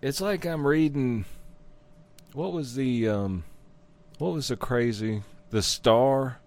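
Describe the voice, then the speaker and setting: A man's voice: medium pitch, takes it slowly, darkish tone. A man reading news stories aloud at his computer desk and mocking them in a casual, profane commentary, swearing freely and laughing at his own jokes. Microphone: desk microphone.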